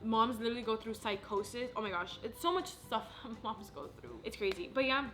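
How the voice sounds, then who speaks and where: A young woman, a new mother, chatting casually and emotionally in a vlog, effusive and quick to laugh. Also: on the high side, animated, a bit bright. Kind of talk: casual chat.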